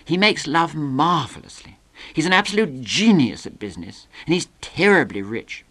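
A man's voice: on the high side, very animated, moderate pace, bright, forceful tone, voice pushed up, exaggerated voice. A man voicing a flighty young English woman, a cabaret singer who gushes and coos theatrically. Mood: gushing. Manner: gushing, breathy stage coos.

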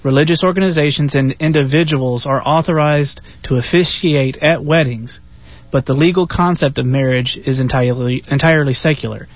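A man's voice: mid-range voice, fairly quick, dry recording. A man on a radio talk show reading an article aloud, hesitant, with frequent fillers. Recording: dull, lo-fi radio sound.

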